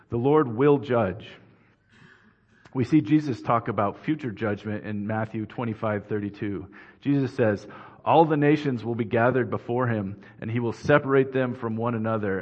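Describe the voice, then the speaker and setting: A male preacher speaks in a steady, earnest way, walking through his points in a measured sermon. His voice sits in a middle register. The recording is dull and muffled, with long reverb from a large hall around him. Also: mid-range voice.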